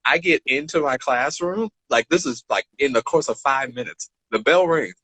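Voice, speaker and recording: A man in his twenties co-hosting a podcast, telling stories in a casual, animated way and acting out the dialogue. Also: medium pitch, normal speed, husky, no echo, poor audio. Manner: animated, acts out dialogue, laughs between lines. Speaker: podcast co-host. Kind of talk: casual storytelling chat.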